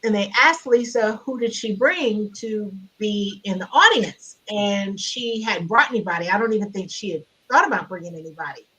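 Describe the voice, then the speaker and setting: A middle-aged woman guest speaker telling a personal story over a video call, animated and laughing as she gets louder. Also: medium pitch, normal speed, few pauses, husky, poor audio. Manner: animated, grows loud and laughing in retelling. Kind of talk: storytelling in a conversation.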